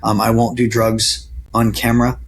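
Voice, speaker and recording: A man's voice: medium pitch, completely flat delivery, normal speed, slight background noise. A man being interviewed as a guest actor, talking earnestly in casual chat with lots of fillers and restarts over a video call from home. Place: home, sitting near a camera.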